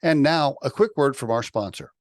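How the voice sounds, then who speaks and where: A male podcast host introduces and questions his guest in an upbeat, chatty manner. His voice sits at an average pitch and is recorded dry and close, with no room echo. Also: expressive, moderate pace. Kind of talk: casual podcast hosting.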